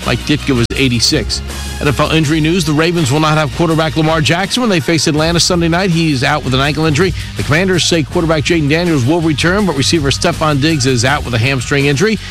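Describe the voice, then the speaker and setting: A male sports anchor rattling off headlines at a brisk clip in a crisp, scripted read. A clear music bed plays under his slightly high voice.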